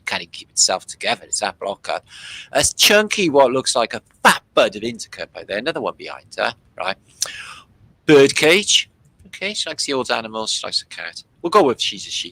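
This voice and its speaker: A British man talks loosely to his live viewers, cursing often and drifting between thoughts. His voice leaps around in pitch with a bright, pushing edge. The sound is dry and close, with no room around it. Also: dry recording, low-quality recording. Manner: animated, sweary, rambling. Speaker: livestream host. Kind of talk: casual livestream commentary.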